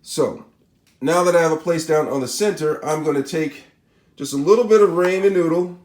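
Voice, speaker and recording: A man's voice: on the high side, normal speed, darkish tone, reverberant. A man with a Spanish accent giving a casual step-by-step cooking demonstration, often checking in with "all right?" and "okay?". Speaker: cooking channel host.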